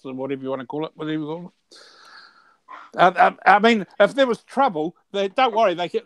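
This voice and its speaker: A man with a New Zealand accent chatting casually, halting and restarting his sentences often. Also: on the high side, no room sound. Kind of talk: casual chat.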